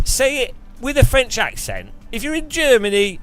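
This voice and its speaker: A man's voice: very high voice, wildly swooping pitch, normal speed, fairly bright tone, faint music behind. A man streaming a racing sim, chatting casually and ranting with frequent laughter. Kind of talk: casual live-stream chat.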